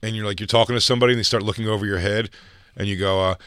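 A man co-hosting a podcast in casual comedic banter, riffing crudely into dark absurd bits. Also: fairly low pitch, big pitch swings, quick pace, no echo, clean studio sound. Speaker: podcast co-host.

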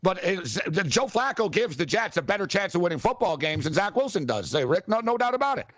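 Excitable sports talk man, dry mic. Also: high-pitched, fast talker, dry recording. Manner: animated, excitable storyteller. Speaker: sports show co-host.

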